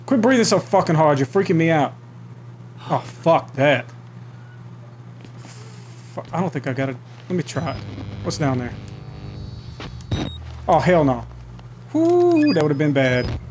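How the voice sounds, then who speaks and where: A man's voice: a little high, big pitch swings, measured pace, pauses often, darkish tone, slight background noise. A man hosting a let's play of a horror game, reacting with nervous jokes and constant swearing. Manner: jumpy, profane, nervous joking. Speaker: gaming channel host. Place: home gaming setup. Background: horror game music.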